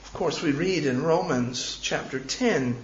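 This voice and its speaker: A man's voice: fairly high pitch, unhurried, slight background noise. Earnest pleading male preacher, echoey church. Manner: earnest, pleading, repeats words. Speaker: pastor. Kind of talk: sermon. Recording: echoey, slightly dull room recording.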